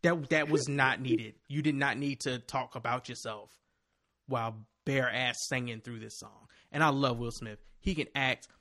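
A man's voice: mid-range voice, fairly even intonation, normal speed, pushed and bright. A man hosting a casual chat, ranting animatedly and swearing freely.

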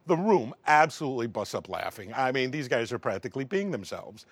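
A man's voice: medium pitch, fairly quick, few pauses, husky, dry recording. A middle-aged man in an interview, telling a wry anecdote and acting out the dialogue. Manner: animated, acts out dialogue, wry. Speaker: interview guest, film professional. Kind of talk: anecdotal storytelling.

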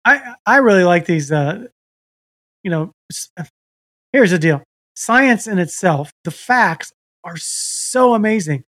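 A man's voice: high voice, expressive, slow, a bit bright, dry recording, studio quality. A man co-hosting a podcast, chatting casually in a rambling, profane way. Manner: profane, rambling storyteller who acts out quoted people. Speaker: podcast co-host. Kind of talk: casual chat.

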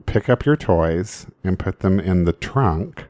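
Man, low voice, animated swings, wry teasing, podcast pun game. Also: slow pace. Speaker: podcast co-host. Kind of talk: casual comedic banter.

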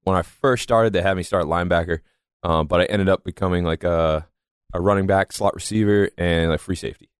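A man's voice: low voice, steady tone, brisk, smooth, dry recording, clean studio sound. A young man from north of Boston with a faded Boston accent, a podcast guest telling stories in casual chat and laughing often. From just north of Boston. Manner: laughs often, rambling storytelling.

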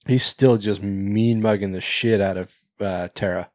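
A man's voice: lowish voice, fairly even intonation, measured pace, a little mellow, no room sound, studio quality. A man co-hosting a podcast, recapping a horror movie in casual chat, rambling, swearing and laughing often. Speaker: podcast co-host.

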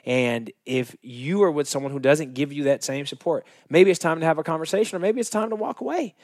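A man's voice: on the high side, a little fast, darkish tone, no echo, studio quality. Earnest man co-hosting a podcast. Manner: earnest, encouraging, sign-off style. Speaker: podcast co-host. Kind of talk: casual podcast chat.

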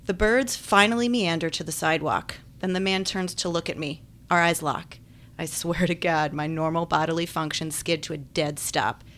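A woman's voice: deep voice, moderate pace, a bit bright. A woman giving wry, chatty first-person audiobook narration. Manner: wry, chatty, self-deprecating.

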